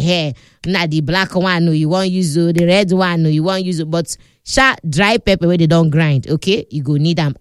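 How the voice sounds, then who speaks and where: A woman's voice: lowish voice, clear, resonant tone, no echo. A woman with a Nigerian accent hosting a studio cooking show, walking viewers through a recipe in a chatty, teasing way. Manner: chatty, teasing, fond of sound words. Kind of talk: lively cooking demonstration in pidgin.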